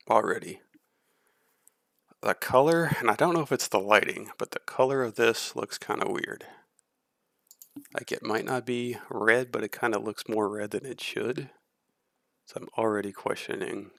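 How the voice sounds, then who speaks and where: A man's voice: on the low side, vocal fry, fairly bright tone, dry recording, clean studio sound. A man streaming casual reaction commentary, blunt and critical, swearing freely.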